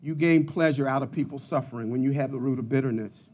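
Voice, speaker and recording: A man preaching a sermon, swinging from quiet, low asides to loud, shouted passages. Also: fast. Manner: preaching with rising shouts and dramatic swings in volume. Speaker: pastor.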